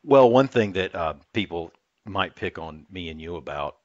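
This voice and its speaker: A man's voice: deep voice, animated, normal speed, darkish tone, no echo, lo-fi sound. A man co-hosting a casual chat, joking and rambling with frequent chuckles. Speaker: co-host.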